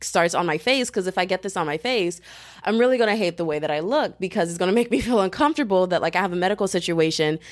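A young adult woman, a student and podcaster, telling a story in a casual, animated and dramatic way, full of slang and quick asides. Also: on the low side.

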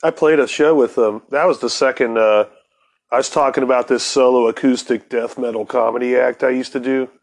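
A man's voice: mid-range voice, fairly even intonation, brisk, vocal fry. A man co-hosting a casual podcast, talking in a laid-back, profane, rambling way. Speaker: podcast co-host. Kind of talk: casual chat.

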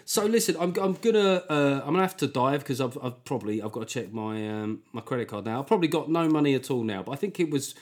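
A man's voice: medium pitch, fast talker, hardly any pauses, darkish tone. A man hosting his own podcast in a rambling, sarcastic, self-deprecating monologue. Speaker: podcast host.

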